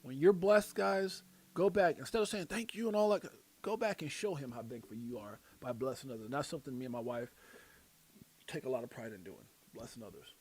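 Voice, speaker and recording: A man with a Brooklyn accent hosting a casual crypto livestream, reading out motivational quotes and breaking into loud shouts and laughter. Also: medium pitch, brisk, husky. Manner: reads out quotes and preaches motivational sayings.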